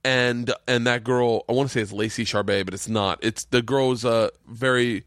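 A man's voice: medium pitch, fairly even intonation, normal speed, a bit bright, no room sound. Profane storytelling man, dry room. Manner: profane, rambling, acts out what people said. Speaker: podcast host and stand-up comedian. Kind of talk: casual chat, storytelling. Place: home man cave.

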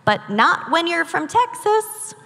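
A woman's voice: very high voice, big pitch swings, slow pace, creaky. A woman co-hosting a live comedy podcast on stage, wry and crude in her jokes. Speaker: podcast co-host. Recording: echoey hall, audible noise.

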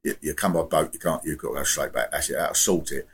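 A man's voice: extremely low pitch, fast talker, slight background noise, pitched below the performer's own voice. A man impersonating a blunt, blokey male radio caller who keeps repeating "right?" insistently.

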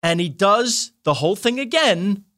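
Man, middle-aged, podcast guest, animated anecdotes, high lively voice, bright. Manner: animated, excitable, quick to laugh. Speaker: guest, writer-producer.

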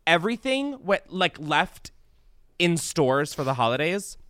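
Bright, lively man ranting with profanity. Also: a little high, unhurried, clean tone, dry recording, studio quality. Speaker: podcast host. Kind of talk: casual comedic chat. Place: studio set.

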